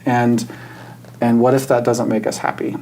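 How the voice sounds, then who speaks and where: A man's voice: medium pitch, level tone, dark tone, a little hiss or hum, poor audio. Male guest, energy worker, sincere, reflective conversational delivery. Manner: earnest, reflective, slows down for emphasis. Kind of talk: casual spiritual conversation.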